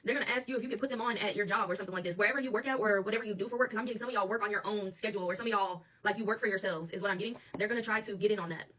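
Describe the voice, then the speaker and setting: Tarot reader, woman, AAVE, quick and sharp-toned, mic set back a bit. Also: mid-range voice, distant mic. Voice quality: blunt and profane, laughs often. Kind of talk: channeled tarot reading monologue.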